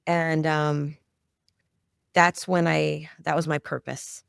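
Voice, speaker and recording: A middle-aged woman talks as a podcast guest, her storytelling heartfelt and emotional. Her voice has a gravelly texture. The sound is dry and close. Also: low voice, level tone, takes it slowly, no echo. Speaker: podcast guest, children's media founder. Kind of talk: interview storytelling.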